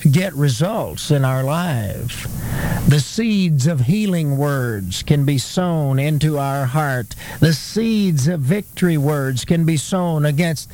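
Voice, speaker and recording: A man preaching a radio sermon, emphatic and building to fervent declarations, with a gravelly voice. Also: fairly high pitch, lively intonation, slow, a little mellow, slight background noise.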